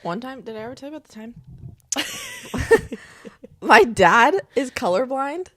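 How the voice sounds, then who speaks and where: A woman's voice: high-pitched, huge pitch swings, unhurried, a bit bright. A young woman co-hosting a podcast, bubbly and playful in casual chat. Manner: bubbly and playful, acts out quotes. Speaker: podcast co-host.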